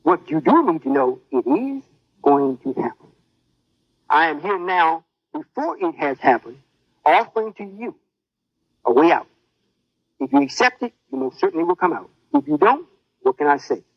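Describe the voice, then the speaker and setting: High-voiced boastful male preacher. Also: sing-song, normal speed, creaky, long pauses, no room sound, highs cut off. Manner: boastful, menacing. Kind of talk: sermon.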